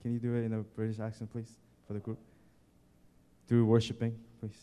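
A man's voice: fairly low pitch, monotone, fast talker, warm tone, clear, resonant tone. A male pastor preaching a sermon, addressing the congregation directly and driving points home by repeating key words and lists. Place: church sanctuary. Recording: long church hall reverb.

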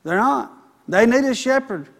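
High-voiced preacher. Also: male voice, expressive, normal speed, creaky, a bit bright. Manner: preaching with call-and-response "Amen". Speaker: pastor. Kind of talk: sermon.

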